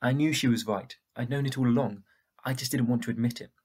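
Husky man narrating a story. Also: medium pitch, fast talker, darkish tone. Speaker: audiobook narrator. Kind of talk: first-person storybook narration.

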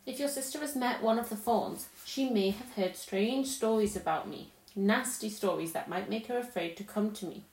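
A woman's voice: mid-range voice, normal speed, few pauses, a little mellow, close to an everyday voice. A woman reading aloud and voicing a cold, scheming queen who coaxes a boy with sweet, lilting promises and a commanding edge. The recording has a roomy echo. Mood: coaxing.

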